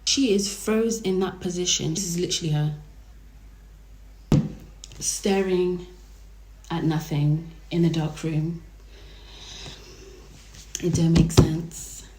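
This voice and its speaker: A young woman telling a dramatic storytime vlog in a chatty, animated way. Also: on the low side, takes it slowly, long pauses, slight background noise. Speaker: vlogger. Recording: roomy echo.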